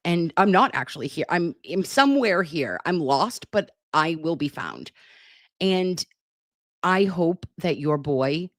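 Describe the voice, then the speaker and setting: This is a deep-voiced, middle-aged woman running a casual livestream at her desktop, where she reads comments from viewers, chats affectionately, and jokes at her own expense. Captured on the computer mic, the recording is dry and clean like a studio.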